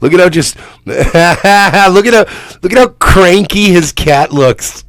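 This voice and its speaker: Guy cracking up and cussing at clips, lively voice, dry sound. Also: high voice, slow pace, dry recording. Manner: laughing, profane, animated. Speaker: radio show host reacting to clips. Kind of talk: casual reaction commentary.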